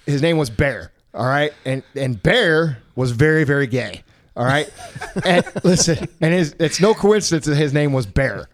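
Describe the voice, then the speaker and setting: Profane, animated male podcast host. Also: a little high, normal speed. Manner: profane, animated, laughing storyteller. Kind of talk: casual storytelling. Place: podcast studio.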